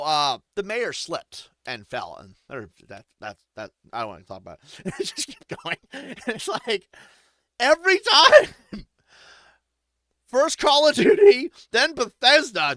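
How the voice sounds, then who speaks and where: A man's voice: very high voice, huge pitch swings, a little slow, sharp tone, dry recording, studio quality. A man giving rambling, joking, profane let's-play commentary while playing a game. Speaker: gaming streamer.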